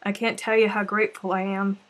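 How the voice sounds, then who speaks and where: A woman's voice: medium pitch, level tone, a little fast. A woman hosting a crochet live stream, chatting casually and emotionally with viewers, turning teary and then laughing, rambling with restarts. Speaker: crochet livestream host.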